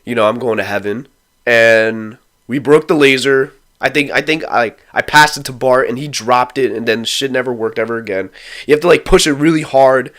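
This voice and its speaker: A man's voice: mid-range voice, moderate pace. A young man telling a rambling, profane story about a night with friends in a casual vlog. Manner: rambling, swears constantly, excitable retelling.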